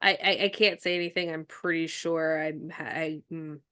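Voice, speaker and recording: A woman author in a casual podcast conversation, bubbly and laughing often, with halting restarts. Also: sits low, fairly even intonation, pushed and bright, clean tone.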